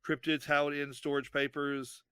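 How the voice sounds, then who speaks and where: A young man, a podcast creator telling rambling, animated stories as a guest in a casual interview. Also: fairly high pitch, normal speed, clear, resonant tone, no echo.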